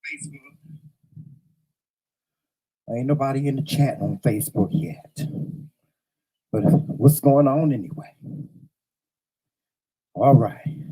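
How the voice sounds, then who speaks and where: Fifty-something guy hosting a stream from home, slow and drawly, real deep mellow voice, chatty with the viewers. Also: husky, rough recording. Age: 50s. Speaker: livestream host. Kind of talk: casual chat to a live audience.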